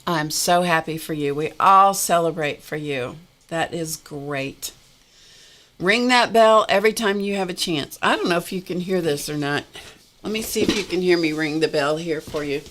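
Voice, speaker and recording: A woman's voice: on the low side, moderate pace, fairly bright tone. A middle-aged woman hosting a craft livestream, chatting in a rambling way and greeting viewers by name. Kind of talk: casual livestream chat.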